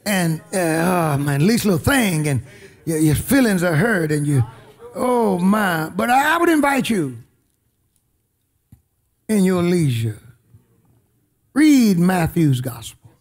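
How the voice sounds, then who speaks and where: Man, preacher, sermon, unhurried delivery, emphatic call-and-response. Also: sits high. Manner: emphatic, swings from shouting to quiet asides, call-and-response.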